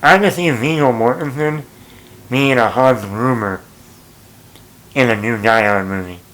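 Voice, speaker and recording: A man's voice: mid-range voice, unhurried, fairly bright tone, poor audio. Rambling casual male movie vlogger. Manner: rambling, self-correcting, chuckles at own jokes.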